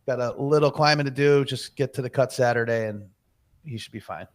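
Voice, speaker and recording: A man co-hosting a casual sports podcast, talking through golf bets in a relaxed, chatty way. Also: medium pitch, brisk. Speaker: podcast co-host. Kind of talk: casual sports betting chat.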